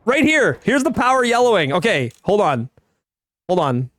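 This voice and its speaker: A man's voice: high voice, sing-song, normal speed, a bit bright, no room sound, studio quality. A man streaming, chatting casually as he reacts to his own run, laid-back, swearing and laughing often. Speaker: game streamer.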